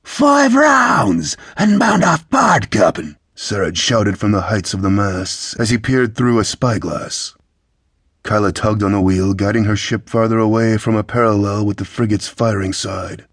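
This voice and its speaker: Low husky male audiobook narrator. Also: no echo, studio quality. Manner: measured, steady storytelling. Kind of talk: scripted fantasy audiobook narration.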